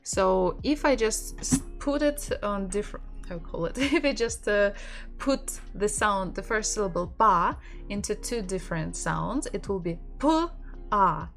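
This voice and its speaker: A woman's voice: medium pitch, lively intonation, unhurried, gravelly, soft background music. A woman with a Russian accent teaching an online language lesson, patiently repeating words for learners.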